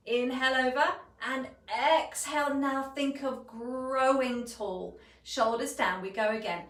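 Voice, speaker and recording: Echoey pilates teacher calling out moves. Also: female voice, on the high side. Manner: calm step-by-step cueing with breath prompts. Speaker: pilates instructor. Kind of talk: guided exercise instruction. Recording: echoey room, voice from a distance.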